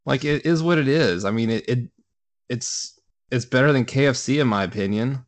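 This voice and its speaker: A man's voice: mid-range voice, moderate pace. A man co-hosting a casual talk show, rambling in an offhand way. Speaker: co-host. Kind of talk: casual radio chat.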